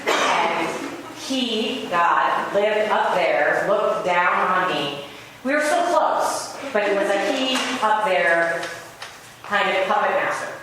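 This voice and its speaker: A woman's voice: lowish voice, animated, takes it slowly. A woman giving a conversational sermon to a live audience, telling personal stories with wry humor. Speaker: spiritual speaker. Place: large hall with a live audience. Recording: echoey hall, far off, background hiss.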